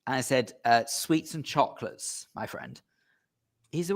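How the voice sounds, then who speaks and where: Lively man telling an anecdote. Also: mid-range voice, measured pace. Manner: animated storyteller, voices quoted lines. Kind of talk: casual studio chat.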